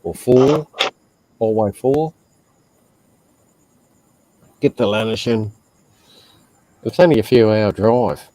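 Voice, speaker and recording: A man's voice: fairly low pitch, slow, pauses often, mellow, no echo, low-quality recording. A man with an Australian accent chatting casually on a stream, telling stories in a blunt, profane way. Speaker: stream host. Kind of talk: casual chat.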